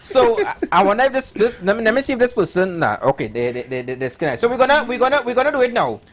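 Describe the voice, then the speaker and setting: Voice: medium pitch, big pitch swings, fast talker, a little hiss or hum. A radio host with a Trinidadian accent, talking in playful, rambling live banter with many fillers and restarts.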